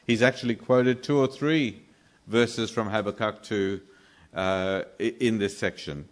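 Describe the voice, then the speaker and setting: A man's voice: lowish voice, unhurried. A man preaching a sermon in an earnest, storytelling manner, with some "uh" fillers between phrases. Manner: earnest storytelling preacher who briefly acts out the quoted speakers.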